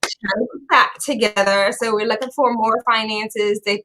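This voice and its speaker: A woman host chatting casually on a video call, bubbly and animated, laughing often as she tells stories. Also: on the high side, normal speed, a little hiss or hum. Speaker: podcast host.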